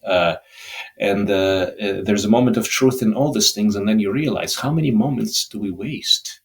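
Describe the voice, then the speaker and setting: Man, middle-aged, low voice, emotional, reflective, halting restarts, interview guest. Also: slight background noise. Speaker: podcast guest, holistic doctor. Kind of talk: candid interview talk.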